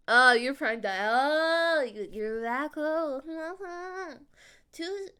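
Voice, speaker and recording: A woman streamer and voice actor chatting casually with her viewers, animated, laughing often and swearing freely, using a higher character voice. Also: drawn-out words.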